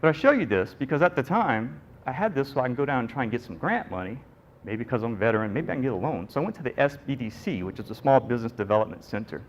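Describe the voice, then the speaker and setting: Man, nurse presenter, animated, joking, sings up and down with his pitch, a bit of room hum. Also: fast talker. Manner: animated storyteller, jokey, acts out quoted people. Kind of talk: conference talk storytelling.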